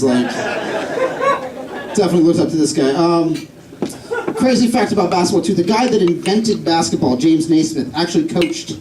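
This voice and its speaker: High-voiced man doing stand-up in a club. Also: noisy background. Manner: self-deprecating, rambling with many fillers. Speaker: stand-up comedian. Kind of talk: stand-up comedy set. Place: comedy club stage. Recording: roomy club audio from far off, loud crowd. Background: audience laughter.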